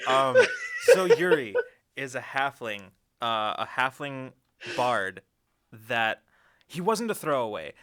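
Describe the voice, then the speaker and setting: A man's voice: medium pitch, lively intonation, takes it slowly, heavy background noise. A man co-hosting a casual tabletop gaming chat show, telling stories animatedly and laughing often. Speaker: podcast co-host.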